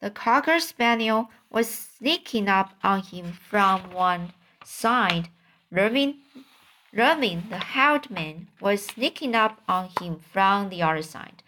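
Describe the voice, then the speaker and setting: A woman reading a children's novel aloud as an audiobook, careful and deliberate, now and then tripping and restarting a word. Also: medium pitch, lively intonation, pushed and bright, a little hiss or hum. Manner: slow, careful reading with occasional slips and restarts. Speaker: audiobook reader. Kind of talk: storybook narration.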